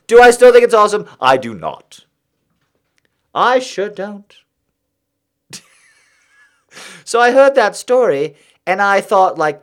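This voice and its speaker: Animated man rambling a comic monologue. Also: a little high, moderate pace, long pauses. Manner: rambling, confessional, self-mocking.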